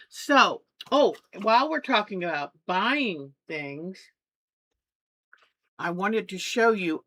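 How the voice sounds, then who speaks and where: A woman's voice: fairly low pitch, pushed and bright. An older woman hosting a quilting channel, chatting casually about her crafts and meals in a rambling, homey way with many fillers. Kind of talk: casual chat.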